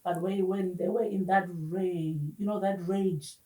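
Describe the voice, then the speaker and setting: A woman, an interview guest giving personal testimony in an earnest, halting way and mixing in Xhosa words. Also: fairly low pitch, steady tone, heavy background noise. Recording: roomy echo, distant mic.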